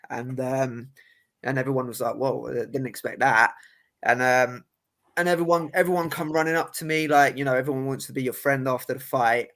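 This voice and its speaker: A young man, a boxer telling stories in casual podcast chat, laughing often and restarting his sentences. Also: mid-range voice. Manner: laughing, storytelling with many restarts.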